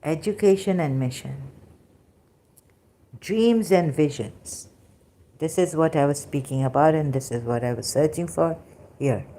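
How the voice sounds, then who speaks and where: Slow, low-voiced woman reading aloud. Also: dark tone. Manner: slow, halting reading with asides and fillers. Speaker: religious commentary channel host.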